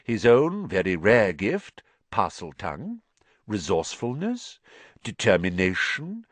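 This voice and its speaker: Dumbledore, a calm old wizard, as a man puts him on. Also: lowish voice, no room sound. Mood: calm, kindly. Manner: slow, soft, gentle and thoughtful. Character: old, calm, kindly male headmaster wizard.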